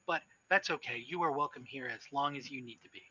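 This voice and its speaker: A man voicing a calm, gently cheerful woman devoted to a strange cult, as a game master's character in a tabletop game. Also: mid-range voice, brisk, breathy edge, dry recording, rough recording. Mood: serene. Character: serene cult-devoted woman of no clear age.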